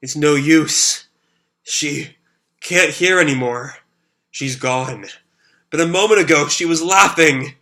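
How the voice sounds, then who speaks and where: A man with a sore throat doing a desperate young man who blames himself, pleading in a raised, strained voice. The tone is very bright and a little above a normal man's pitch. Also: slow, long pauses. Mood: despairing. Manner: raises his voice and pleads when reading emotional lines. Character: grief-stricken young man, desperate and self-blaming.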